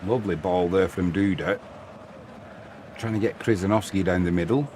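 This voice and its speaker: A man's voice: low voice, moderate pace, darkish tone, slight background noise. Chatty man calling football. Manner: chatty, reads out viewer comments between plays. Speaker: football commentator and host. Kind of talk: live watch-along commentary.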